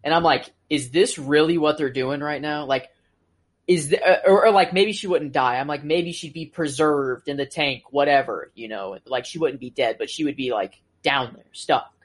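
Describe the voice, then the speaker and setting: Male co-host, a bit high, husky, loose musing chat. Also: normal speed. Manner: musing, says "like" and "bro" a lot. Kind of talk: casual chat.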